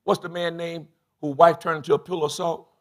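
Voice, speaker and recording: A middle-aged man, preaching a sermon as bishop in a church, swinging from low confiding talk to shouted bursts. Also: flat delivery, brisk. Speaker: bishop and pastor. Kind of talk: call-and-response sermon. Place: church sanctuary.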